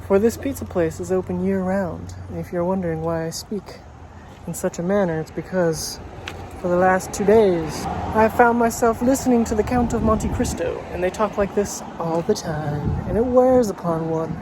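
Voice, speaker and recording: A man playing a stiff, formal old-fashioned gentleman with elaborate, archaic phrasing, recorded outdoors by a road. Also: high-pitched, moderate pace, lightly acted. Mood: pompous. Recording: outdoor traffic noise.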